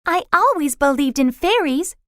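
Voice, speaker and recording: A woman voicing Kirsty, an eager, bold young girl in a storybook, often in a hushed, excited voice. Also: high voice, normal speed, dry recording, studio quality, pitched above the performer's own voice.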